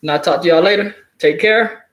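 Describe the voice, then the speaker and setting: Man vlogger with a high voice, slangy and rambling, laughs between phrases. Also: brisk, a bit bright. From southeastern US. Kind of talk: casual commentary to camera. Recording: echoey room.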